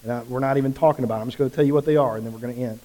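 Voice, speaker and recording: A man preaching a sermon as pastor, with passionate emphasis that swings from quiet to loud. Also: medium pitch, steady tone, very fast. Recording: long reverb of a large hall.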